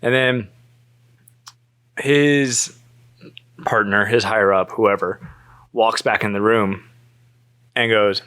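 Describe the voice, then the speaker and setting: A man in his thirties telling a story in casual chat, animated, cursing freely and acting out both sides of the conversation. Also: lowish voice, takes it slowly, pauses often, dry recording. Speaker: podcast guest.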